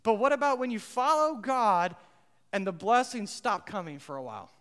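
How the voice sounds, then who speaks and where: A man preaching a sermon as pastor, impassioned, swinging between loud outbursts and hushed moments. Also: sits high, animated, moderate pace. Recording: long reverb of a large hall.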